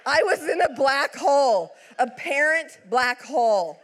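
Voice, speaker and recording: Animated woman pastor telling a story. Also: high-pitched, a little slow. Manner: animated, acts out quotes with big swings in voice. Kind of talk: sermon storytelling.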